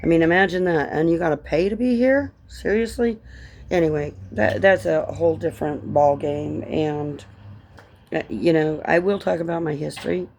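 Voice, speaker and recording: A woman who grew up in Colorado, talking casually in a rambling vlog chat that drifts between tangents and gentle encouragement. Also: low-pitched, normal speed, creaky, a little hiss or hum. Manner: chatty, tangent-prone, encouraging. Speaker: vlogger and author.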